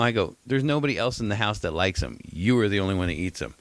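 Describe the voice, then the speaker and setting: A man's voice: on the low side, quick pace, hardly any pauses, fairly bright tone, dry recording. A man co-hosting a podcast, telling a rambling story with lots of laughter and acted-out voices. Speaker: podcast co-host. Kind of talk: casual chat.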